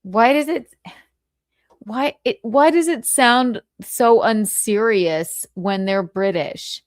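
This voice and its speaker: A woman's voice: a little high, slow pace, dry recording, studio quality. A woman streamer chatting casually and giggling as she jokes while reacting to videos. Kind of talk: casual chat on livestream.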